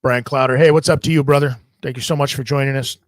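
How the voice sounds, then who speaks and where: A man in the middle of his range tells a wild story in a loose, rambling way, swearing freely and getting animated. His voice sits close and dry, with no room around it. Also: mid-range voice, quick pace, no echo. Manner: rambling, profane, animated retelling. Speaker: podcast host. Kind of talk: casual storytelling.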